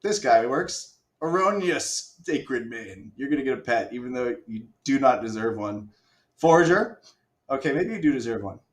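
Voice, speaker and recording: A man's voice: mid-range voice, lively intonation, moderate pace, roomy sound. A man hosting a live stream, casually walking viewers through a game demo with self-mocking asides and the odd swear. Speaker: stream host.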